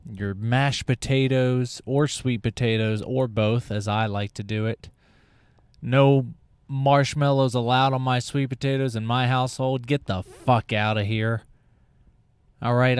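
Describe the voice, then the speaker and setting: A man's voice: medium pitch, clean tone, dry recording. A man hosting his own podcast in a casual, sarcastic, rambling comedic monologue, swearing now and then. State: out of breath. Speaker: podcast host.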